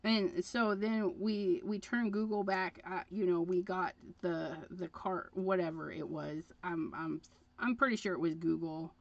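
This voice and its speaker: Her voice low-ish, steady, unhurried and creaky, a woman rambles casually through a crafting livestream, using fillers often as she works. The stream audio sounds dull and lo-fi.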